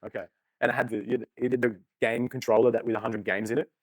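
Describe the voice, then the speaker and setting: A man's voice: medium pitch, level tone, dry recording. A young man, joking and swearing freely in a casual podcast chat. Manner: rapid, joking, swears freely, laughs often.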